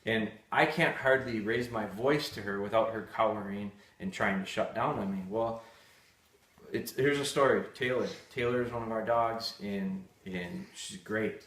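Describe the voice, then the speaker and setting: A man's voice: lowish voice, normal speed, a bit bright. A man hosting a live dog-training session, answering viewer questions in a candid, blunt, storytelling way. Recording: echoey room.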